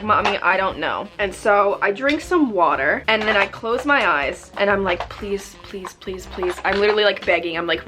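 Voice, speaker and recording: A woman's voice: medium pitch, a bit bright. A young woman chatting casually while doing her makeup, rambling through a story with lots of fillers. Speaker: beauty vlogger. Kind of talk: casual get-ready-with-me chat.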